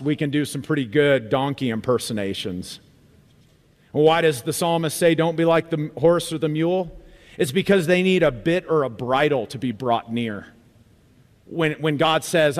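A man preaching a sermon as pastor of a church, emphatic and animated, repeating phrases for effect. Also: fairly high pitch, long reverb tail. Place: church sanctuary.

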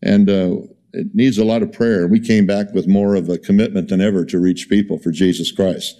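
A man giving a sermon in a conversational, storytelling way, full of fillers and restarts, his pitch jumping up when he is incredulous. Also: steady tone, brisk, warm tone. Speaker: pastor.

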